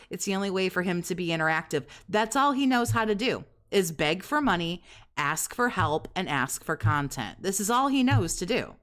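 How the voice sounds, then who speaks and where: A woman hosts a reaction commentary, talking over a streamer's clips with open mockery. Her voice sits fairly low, and her tone stays sarcastic and profane. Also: lively intonation, normal speed, fairly bright tone. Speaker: commentary host.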